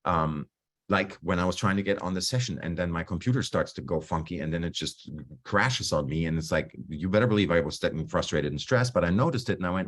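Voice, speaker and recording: In an online talk on stress, a man with a low voice speaks fast as he coaches a group over video call. He keeps it relaxed and conversational, often starting sentences over and playing out his inner dialogue.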